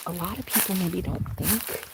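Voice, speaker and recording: Gushing young woman with a gravelly voice. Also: lowish voice, moderate pace, heavy background noise. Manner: gushing, excitable, swings from loud exclamations to hushed whispers. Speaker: livestreamer. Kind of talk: casual livestream chat. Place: outdoors in a backyard.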